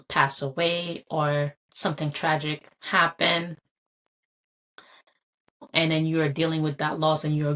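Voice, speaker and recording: A woman's voice: deep voice, a bit bright. A woman hosting a solo podcast, talking earnestly and encouragingly, often repeating phrases for emphasis. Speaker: podcast host. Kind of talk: solo motivational podcast talk.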